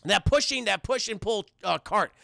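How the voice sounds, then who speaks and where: A man's voice: high-pitched, expressive, moderate pace, creaky, pushed and bright, no room sound, studio quality. A man casually recapping a cartoon episode for his live chat, rambling and profane, talking straight to the viewers. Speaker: streamer reviewing a cartoon.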